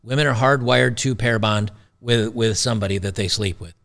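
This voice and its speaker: A man's voice: on the low side, moderate pace, vocal fry, a bit bright. A man hosting a talk show, giving blunt, sarcastic, rambling commentary on a video clip. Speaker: show host.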